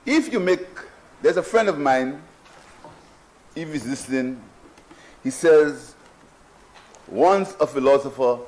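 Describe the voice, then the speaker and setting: A man's voice: fairly high pitch, lively intonation, slow, pauses often, darkish tone, low-quality recording. A man with a Saint Lucian accent giving a rebuttal speech in a parliamentary debate, emphatic and mocking, often repeating his phrases. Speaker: prime minister in parliament. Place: parliament chamber.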